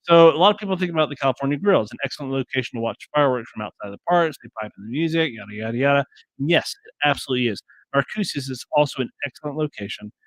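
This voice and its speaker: A man's voice: mid-range voice, rapid-fire, poor audio. Rambling, joking man co-hosting a live stream. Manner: rambling, stumbles and restarts, joking. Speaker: co-host of a travel tips show. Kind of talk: casual live-stream chat.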